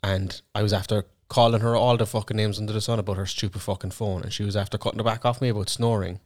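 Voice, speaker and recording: A young Irish man from Cork with a low, deep voice, rattling through a story at a quick clip. He co-hosts a casual podcast chat, swears freely and acts out what others said in his own voice. His talk stays loose and unscripted. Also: little pitch movement, darkish tone. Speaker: podcast co-host.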